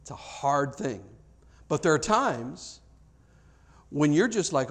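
A man's voice: big pitch swings, slow pace, long pauses, a bit bright. A middle-aged man preaching a sermon in a loose, conversational way, breaking off and restarting as he tells family stories. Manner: conversational, self-interrupting, acts out dialogue with big pitch jumps. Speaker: pastor. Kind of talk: sermon with storytelling.

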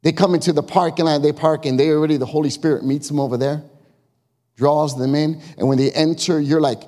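A man's voice: on the high side, steady tone, fairly quick, dark tone. A man preaching a sermon as pastor, talking in a conversational, emphatic way and asking the congregation questions. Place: church sanctuary. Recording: long reverb of a church hall.

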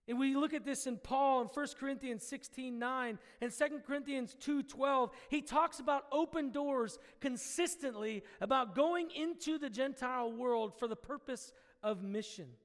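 A man with a very high voice preaches a sermon, swinging from loud emphatic bursts to quiet drops. He slips into casual asides and playful quoted voices. The sound carries a long reverb of a large hall. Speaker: pastor.

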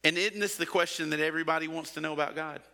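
Casting note: middle-aged male preacher, bright ringing voice, a little higher than most, long church-hall reverb. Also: steady tone, rapid-fire. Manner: preaching with rhetorical questions and acted-out quotes. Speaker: pastor. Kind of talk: sermon.

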